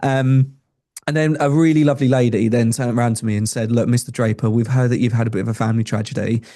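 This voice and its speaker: A man's voice: medium pitch, steady tone, fast talker, mellow. A young adult man, a podcast guest telling a personal story in an earnest, conversational way with frequent restarts. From England.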